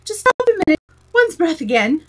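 A polite, curious young girl in a storybook read-aloud, read by a woman in a slightly raised voice. She asks her questions gently and courteously. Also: high voice, lively intonation, moderate pace, recorded from a distance, voice pushed up, poor audio.

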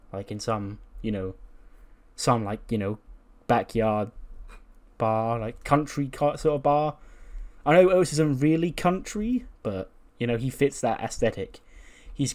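A man's voice: mid-range voice, darkish tone. A man casually narrating a wrestling management game, chatty and loose, with frequent fillers and laughs. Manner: chatty, laughing, many "like" and "you know" fillers. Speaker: game commentator. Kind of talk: casual let's play narration.

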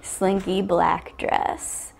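A woman's voice: mid-range voice, very slow, creaky, a little hiss or hum. A woman in her thirties, a podcast guest and storyteller, telling a personal story in candid, conversational style and laughing often. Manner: laughs often while telling, animated quoted asides.

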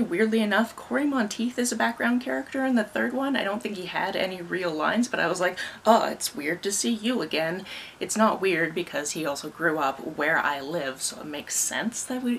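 A woman's voice: lowish voice, a bit bright, a little hiss or hum. A young woman from Canada casually recapping movies and books, with wry asides. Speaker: book and film vlogger.

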